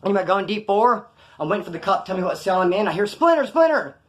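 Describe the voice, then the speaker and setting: A man's voice: high-pitched, fairly even intonation, very fast, a bit bright. A man telling stories in casual, slangy street talk. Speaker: storyteller recounting prison life. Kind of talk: casual spoken storytelling.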